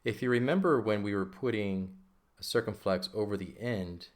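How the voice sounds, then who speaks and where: A man's voice: on the low side, normal speed. A man teaching an ancient Greek lesson in a patient, casual way, often checking in with "okay?". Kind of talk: casual lesson explaining grammar.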